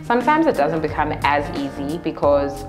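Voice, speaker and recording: A woman speaking calmly and matter-of-factly in a documentary interview. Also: low-pitched, normal speed, over music.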